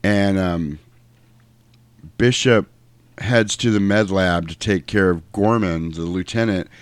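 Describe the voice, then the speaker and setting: A man casually recapping a film on a podcast, animated and acting out quotes as he goes. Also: low voice, slow, no echo.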